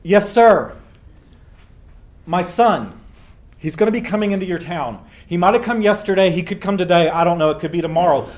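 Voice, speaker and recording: A man doing a worried father on the phone, anxious and rambling as he pleads for help. The voice sits a little higher and louder than the speaker's usual talk. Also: lively intonation, normal speed.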